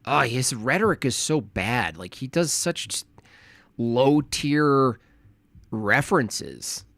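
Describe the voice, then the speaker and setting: A man's voice: medium pitch, takes it slowly, vocal fry, dry recording. Mocking male streamer, dry close sound. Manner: mocking, animated, laughs often. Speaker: streamer reacting to a debate. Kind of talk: casual commentary.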